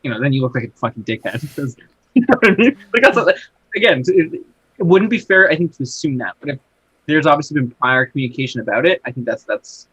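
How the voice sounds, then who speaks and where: A man moderating a casual podcast, speaking in a measured, hedging way and circling back as he thinks. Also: fairly high pitch, expressive, fairly bright tone, breathy edge, no echo. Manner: measured, hedging, restarts a lot. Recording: dull, dry lo-fi podcast recording.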